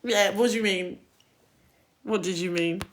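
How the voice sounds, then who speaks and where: A woman's voice: medium pitch, steady tone, measured pace, a little hiss or hum. A young woman from Kent, telling stories in a casual livestream chat, full of fillers and swearing. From Kent, England. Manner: chatty storytelling, lots of "like", swearing.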